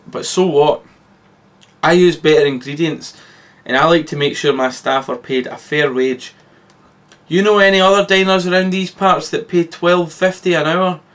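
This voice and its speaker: Field: a man playing a scornful diner owner. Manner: scolding rant. Pitch: a little high. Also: fairly bright tone, close to an everyday voice. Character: angry male diner owner, proud and scornful.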